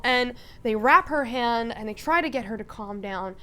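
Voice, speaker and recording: A woman vlogger retelling a live-action role-playing game in casual, animated storytelling. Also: on the high side, a little fast, hardly any pauses.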